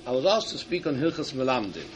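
A man giving a Torah lecture to teachers. He reads Hebrew sources in quick bursts and then explains each one in English. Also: mid-range voice, very animated, a little hiss or hum. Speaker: rabbi speaking to teachers. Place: hall at an event.

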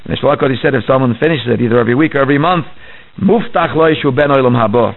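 A man's voice: mid-range voice, rapid-fire. Man teaching over a tinny phone line. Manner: explaining earnestly, weaving many Hebrew terms into English. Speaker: Torah teacher. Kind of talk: religious study lecture.

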